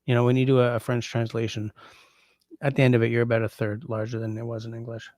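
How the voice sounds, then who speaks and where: A man's voice: mid-range voice, monotone, fast talker, darkish tone, dry recording, studio quality. A man hosting a casual livestream, reading out viewer comments and thinking aloud as he tries out French translations. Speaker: livestream host.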